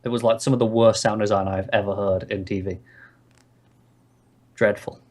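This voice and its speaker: A man's voice: fairly low pitch, fairly even intonation, normal speed. Tipsy man ranting about TV. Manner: wry, sweary, tipsy. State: drunk. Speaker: co-host. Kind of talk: casual TV review chat.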